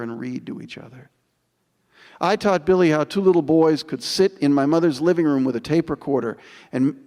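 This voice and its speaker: A man in his sixties giving an inspirational storytelling speech, building dramatic repetitions with slow, emphatic pauses. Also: on the high side, darkish tone. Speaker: motivational speaker. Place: large auditorium. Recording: long auditorium reverb.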